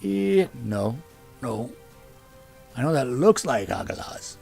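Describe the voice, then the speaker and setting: A man's voice: mid-range voice, sing-song, slow, creaky, darkish tone, faint music behind, exaggerated voice. A man voicing a big, scarred male elf who patiently tutors his younger sister. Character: big scarred male elf, warm teasing older brother.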